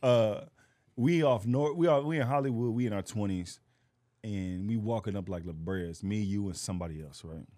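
A man, a comedian guest on a casual podcast, teasing the host and telling stories with animated delivery, acting out the other people in them. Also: on the low side, moderate pace, dry recording, clean studio sound. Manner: animated storyteller who teases and acts out quoted voices.

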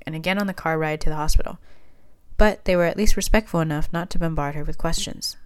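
Woman narrator, low register, steady plain storybook reading. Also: clean tone. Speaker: fanfiction reader.

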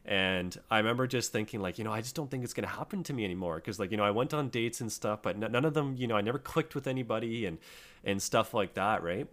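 A man's voice: fairly low pitch, lively intonation, quick pace, fairly bright tone. A young man co-hosting a podcast, chatting casually and telling a rambling story full of fillers. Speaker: podcast co-host.

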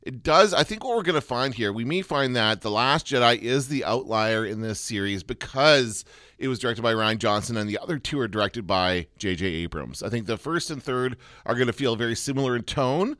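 A man co-hosts a podcast in casual chat, rambling with lots of restarts and fillers. His medium-pitched voice is animated, bright and forceful, moving a little fast. The recording is clean studio sound with no room noise.

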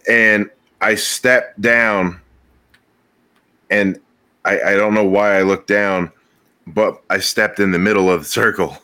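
A man's voice: on the low side, fairly even intonation, slow, long pauses, bright, forceful tone. A man in casual chat who tells what happened step by step, bluntly and with some swearing.

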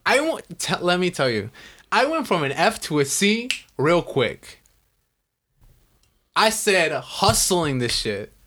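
A young man telling stories in casual chat, animated and swearing a lot, acting out what people said. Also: high voice, slow, slight background noise. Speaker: podcast co-host.

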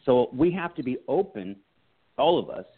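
Husky-voiced man telling stories over a phone line. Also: mid-range voice, normal speed. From United States. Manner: animated storyteller acting out quotes. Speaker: guest, comedian and writer. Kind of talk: casual interview storytelling.

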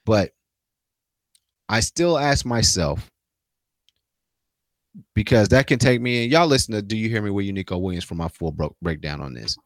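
A man's voice: fairly low pitch, animated, moderate pace, long pauses, no room sound. A man co-hosting a casual sports talk podcast, speaking loosely in slang with frequent restarts. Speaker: podcast co-host.

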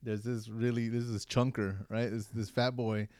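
A man's voice: on the low side, no room sound, studio quality. Chatty man retelling movie scenes. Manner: animated, acts out movie lines in quick put-on voices. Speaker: podcast co-host. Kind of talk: casual movie rewatch chat.

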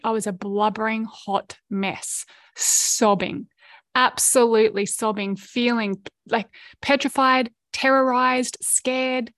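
A middle-aged Australian woman with a slightly high voice tells a personal story as a podcast host. She is earnest and emotionally open and drifts into quick asides. The sound is close and dry, with no room around her. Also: a bit bright, no room sound. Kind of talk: candid personal storytelling monologue.

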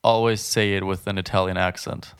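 Smooth-voiced young man chatting on a podcast. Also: sits low, little pitch movement. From Germany. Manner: chatty, fast-talking, many fillers and restarts. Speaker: podcast co-host. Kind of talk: casual podcast chat.

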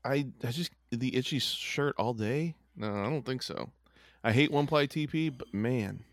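A man in casual conversation, goofy and quick to laugh, his voice sitting at an ordinary middle pitch. The sound is dry and close, with no room around it. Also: no echo. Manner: goofy, joking, laughs often. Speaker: podcast co-host. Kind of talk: casual chat.

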